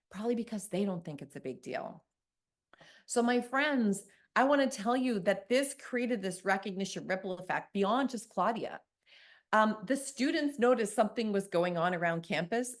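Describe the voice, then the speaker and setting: A middle-aged woman from Canada giving a conference keynote, telling stories with energy and quizzing her audience. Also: mid-range voice. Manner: lively storytelling, asks the audience questions. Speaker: keynote speaker. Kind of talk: conference talk.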